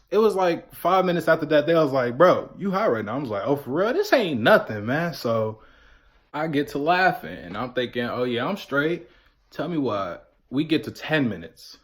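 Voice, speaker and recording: A young man vlogging, telling a story in a casual, slangy way and acting out the voices of friends. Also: fairly high pitch. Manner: animated, slangy retelling with quoted voices.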